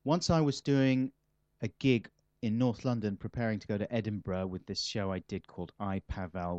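A man's voice: fairly low pitch, fairly even intonation, moderate pace, darkish tone, no echo. This man talks in a loose, rambling way, full of self-mockery and dry wit. He answers interview questions casually as a comic guest. The recording is slightly dull and dry. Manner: rambling, self-mocking, wry. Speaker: comedian interviewee.

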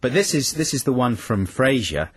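A man's voice: mid-range voice, big pitch swings, moderate pace, slightly rough, no room sound. A man co-hosting a radio show, chatting in casual banter with a rambling, apologetic manner. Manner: rambling, apologetic, laughs often. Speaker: radio co-host.

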